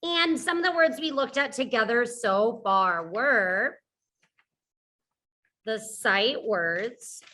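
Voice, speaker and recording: Young woman teacher, very slow, encouraging phonics delivery for young learners. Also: fairly high pitch, pushed and bright. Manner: slow, encouraging, models sounds. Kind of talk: children's phonics lesson.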